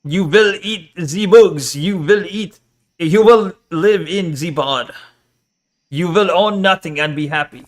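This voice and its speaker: A solemn, commanding announcer of a dystopian decree, as a gamer puts it on, drawing every word out slowly. His voice sits a touch high and pushes a little louder than his usual talk. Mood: mock-solemn. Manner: slow, emphatic, commanding cadence.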